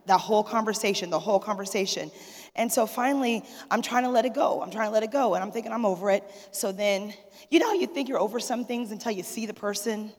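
A woman in her forties, a pastor's wife, telling a funny story to a church audience in an animated way, laughing and acting out the dialogue. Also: a little high, fast talker, long reverb tail. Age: 40s. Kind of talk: humorous storytelling testimony.

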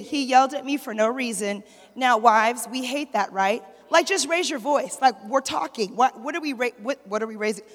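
A woman with a high voice preaches to a church congregation, and her words ring out with a long echo through the hall. She tells her story with lively energy and keeps asking the congregation to respond. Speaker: pastor's wife preaching. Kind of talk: sermon. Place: church sanctuary.

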